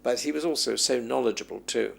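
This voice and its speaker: A man's voice: medium pitch, quick pace, gravelly, slight background noise. A man being interviewed as a film historian, reminiscing at length and acting out the voices of people he quotes. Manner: animated storyteller who acts out quoted voices.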